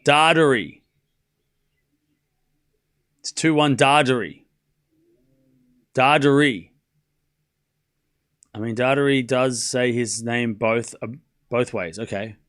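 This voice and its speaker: An Australian man hosting a live tennis watchalong stream, joking with his chat, practising player names out loud and calling the points. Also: medium pitch, fairly even intonation, moderate pace. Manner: playful and joking, reads chat aloud, repeats player names to practise them.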